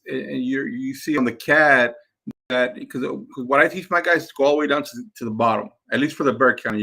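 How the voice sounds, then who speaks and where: A man's voice: mid-range voice, sharp tone. A man, a real estate investor, coaching his team in a live session, repeating points to drive them home. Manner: repeats words, drills points to his crew.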